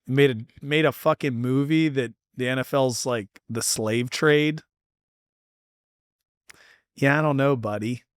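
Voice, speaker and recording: A male podcast host talking in casual chat, blunt and quick to swear. His voice is smooth and clear, with a mid-range pitch. The sound is dry and close, with no room echo. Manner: blunt and profane, fast bursts.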